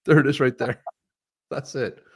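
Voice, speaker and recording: A man's voice: mid-range voice, steady tone, moderate pace, husky. A man co-hosting a live-stream show, talking in a rambling, chatty way with lots of restarts. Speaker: co-host. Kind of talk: casual live-stream chat.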